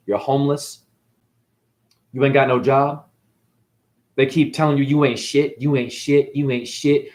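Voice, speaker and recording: A man as a spiritual teacher, ranting in a defiant, preachy way, swearing and tossing out mocking asides. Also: mid-range voice. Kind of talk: unscripted spiritual rant. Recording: echoey room.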